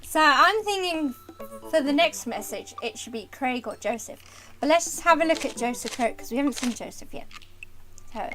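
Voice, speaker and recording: A woman's voice: a little high, rough recording. A young woman hosting a let's play, reading a dating game aloud and making chatty, giggly asides.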